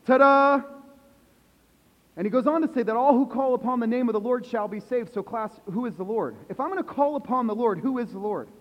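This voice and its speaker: A man preaching a sermon as pastor, asking the congregation questions and swinging between hushed and loud emphasis. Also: very high-pitched. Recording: echoey hall, dull lo-fi sound.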